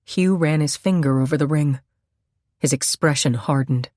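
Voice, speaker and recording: A woman narrating a suspense novel in a measured, steady storytelling voice on a close microphone. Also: low-pitched, dry recording. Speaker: audiobook narrator. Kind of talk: scripted narration.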